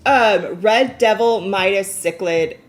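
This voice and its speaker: A woman co-hosting a live crystal show, telling stories in animated casual chat. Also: medium pitch, slow. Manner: animated storyteller, laughs often.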